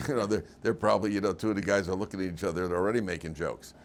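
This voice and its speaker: A man's voice: low-pitched, racing, a little hiss or hum. A man teaching a weekly class as rabbi, speaking conversationally with humor and quizzing his students in a classroom. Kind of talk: informal lecture.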